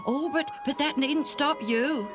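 A woman voicing a kind, grateful man who speaks slowly and earnestly, over background music. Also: high-pitched, pitched above the performer's own voice. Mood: reassuring. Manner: slow, earnest, gently chuckling. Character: kindly, cheerful man, healed and grateful. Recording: music playing underneath.

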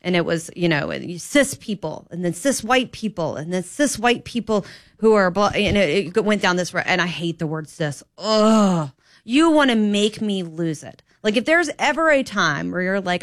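A woman hosting an opinion talk radio show as a fill-in, talking in an animated, opinionated and rambling way into a studio microphone. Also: lowish voice, moderate pace, no room sound.

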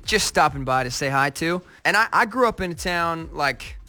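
Young American male guest, bright and a little high, friendly and rambling, faint music bed. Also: lively intonation, normal speed. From United States. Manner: rambling, self-correcting, friendly. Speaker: pop singer guest. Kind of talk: casual interview chat.

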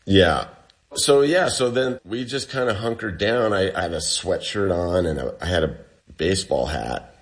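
A man with a low voice, speaking at a moderate pace, is interviewed about a survival ordeal he lived through. He tells it casually and animatedly as a guest, acting out the dialogue of the people involved.

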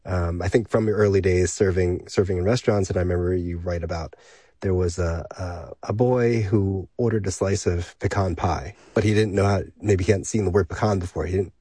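Man, deep voice, dark warm tone, relaxed interviewer, rambling questions. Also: brisk, breathy edge, no echo.

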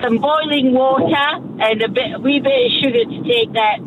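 A woman from Fife with a Scottish accent, calling in to a radio show and speaking in a slow, homely, plain way. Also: sits high. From Scotland. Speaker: caller. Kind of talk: phone-in call. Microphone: phone. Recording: phone line with background noise.

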